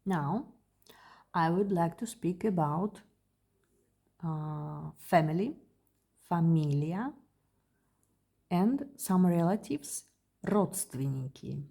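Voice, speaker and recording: Woman, Russian accent, language teacher, very slow, gravelly, breathy. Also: fairly low pitch, lively intonation, warm tone. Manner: slow, repeats each word carefully. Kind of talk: slow beginner language lesson.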